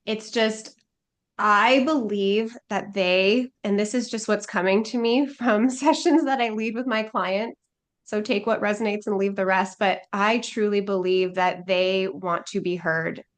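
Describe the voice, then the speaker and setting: A woman's voice: mid-range voice, fairly even intonation, a little slow. A woman life coach talking as a podcast guest, with a mid-range voice. She speaks earnestly and thoughtfully and fills her sentences with casual likes. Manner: earnest and reflective, many filler likes. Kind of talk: casual interview chat.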